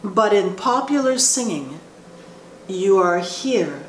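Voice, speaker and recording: Slow-spoken woman voice teacher. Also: mid-range voice, lively intonation. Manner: explains slowly with frequent restarts. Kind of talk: instructional talk with sung demonstrations. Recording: roomy echo with faint ambient noise.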